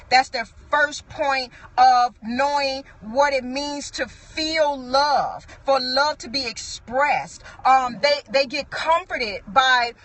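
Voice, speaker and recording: A woman's voice: sits high, a bit bright. A middle-aged woman preaching a sermon in an earnest, conversational way, full of restarts and asides. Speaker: apostle preaching.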